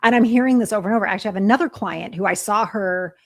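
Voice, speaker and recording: A woman in her forties co-hosting a podcast, talking in a casual, animated and emphatic way, swearing freely. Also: medium pitch, racing. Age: 40s. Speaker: podcast co-host. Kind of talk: casual chat.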